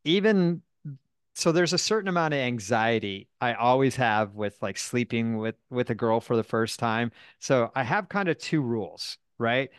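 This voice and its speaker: A man speaks in a smooth, resonant voice, candid and rambling. He tells his stories casually and pokes fun at himself along the way. The sound is dry and close, with no room echo. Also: mid-range voice, expressive, normal speed. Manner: frank, rambling, self-deprecating storyteller.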